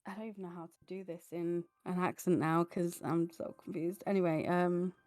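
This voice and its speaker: A woman's voice: on the low side, steady tone, normal speed, darkish tone, dry recording, soft background music. A woman playing a tabletop game, talking casually and hesitantly with many fillers. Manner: hesitant, lots of fillers, giggly. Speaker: player.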